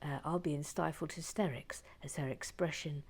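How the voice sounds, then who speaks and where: A woman's voice: low-pitched, fairly even intonation, moderate pace, darkish tone, husky. A woman reading out listener messages in a casual, giggly chat, often trailing off into whispers. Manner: giggly, self-interrupting, drops into whispers.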